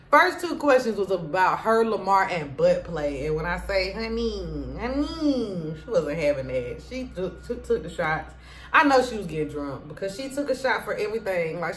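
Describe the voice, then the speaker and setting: A woman giving a casual, gossipy recap of a reality show from her home, retelling scenes in an animated, chatty way. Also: mid-range voice. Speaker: TV recap vlogger. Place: home room. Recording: echoey room.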